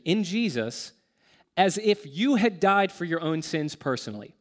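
A man preaching a sermon as pastor, earnest and emphatic, slowing to stress key words. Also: a little high, animated, in a large hall.

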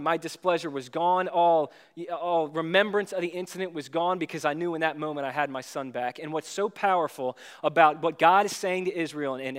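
Young male pastor, slightly higher pitch, animated and self-mocking storyteller. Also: clean tone. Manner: storytelling, self-deprecating humor, animated delivery. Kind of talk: sermon. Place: church.

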